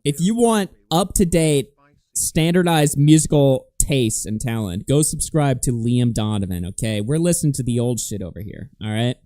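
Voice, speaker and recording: A man's voice: mid-range voice, moderate pace, dark tone, dry recording, clean studio sound. A man hosting a livestream, ranting with heavy swearing and reading out viewer donations in a casual style. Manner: profane, heated ranting. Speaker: livestream host.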